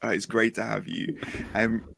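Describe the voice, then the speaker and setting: A man's voice: on the low side, fairly even intonation, normal speed, creaky, a bit bright, slight background noise. A man hosting a podcast in a casual chat style, upbeat and jokey as he introduces guests. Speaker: podcast host.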